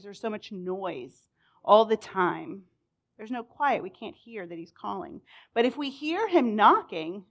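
A young woman teaching a casual Bible lesson, chatty and animated, with many fillers. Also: on the high side. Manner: chatty, frequent "like", animated storytelling.

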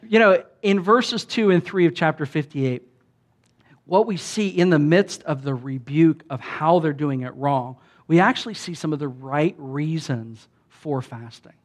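A man preaching in an easygoing, conversational way, like he's talking to friends. His voice sits a bit high for a man, and he breaks into exaggerated voices when quoting others. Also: a little slow. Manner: conversational, acts out quoted voices with big pitch jumps. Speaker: pastor. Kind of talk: sermon.

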